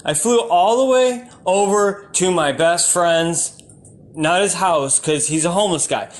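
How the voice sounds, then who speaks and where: A man doing rambling, absurd stand-up comedy in a deadpan way, breaking into sudden shouted outbursts. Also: high-pitched, measured pace.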